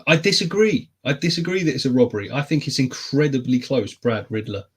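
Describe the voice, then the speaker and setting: A man's voice: mid-range voice, brisk, husky. A man co-hosting a casual podcast chat, teasing, laughing often and swearing casually. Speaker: podcast co-host.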